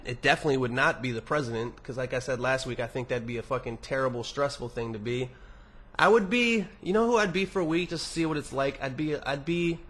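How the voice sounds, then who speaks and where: A man's voice: on the high side, a bit bright. A young man hosting a podcast, reading listener emails aloud and answering them in a rambling, profane, casual monologue with many restarts.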